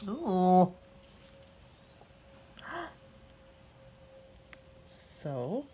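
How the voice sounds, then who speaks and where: Slow, soft-spoken woman unboxing a gift. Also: on the low side, big pitch swings, a little hiss or hum. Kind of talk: casual unboxing narration.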